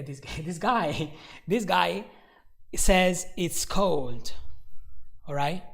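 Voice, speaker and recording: Slow, gravelly male English teacher. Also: on the high side. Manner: patient, repeats examples slowly, jokes with viewers. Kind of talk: live online English lesson.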